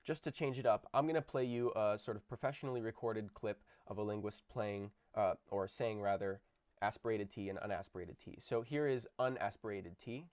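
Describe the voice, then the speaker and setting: In a recorded video lecture, a male linguistics teacher explains things step by step and pronounces example words aloud to demonstrate sounds. His voice is fairly low and darkish, his pace fairly quick, and there's no room sound.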